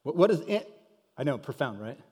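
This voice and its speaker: A man's voice: mid-range voice, big pitch swings, brisk, mellow, husky. A man preaching a sermon in a conversational, joking storytelling manner. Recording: reverberant hall.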